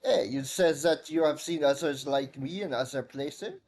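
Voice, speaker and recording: A man's voice: a little high, moderate pace, a little mellow. A man voicing a scheming male fish-folk merchant in a video game, speaking in a put-on French accent with a sly, conspiratorial manner.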